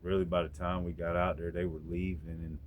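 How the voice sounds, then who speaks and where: A man's voice: low voice, little pitch movement, fairly quick, phone-quality sound, slight background noise. A man telling a story from his past in a blunt, profane, conversational way, speaking straight to his viewers. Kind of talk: casual spoken storytelling.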